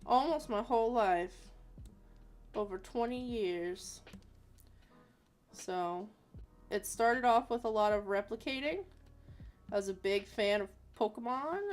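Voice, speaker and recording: A woman's voice: on the high side, measured pace, pauses often. A woman in her thirties, an artist chatting casually with viewers while drawing, rambling and self-deprecating. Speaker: artist hosting a chat stream.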